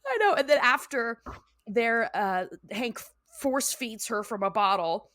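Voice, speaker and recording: A woman's voice: fairly high pitch, a little slow, fairly bright tone, no room sound, clean studio sound. Giggly young woman co-hosting a podcast. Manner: giggly, acts out quotes in character voices. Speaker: podcast co-host. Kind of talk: casual chat recapping a cartoon episode.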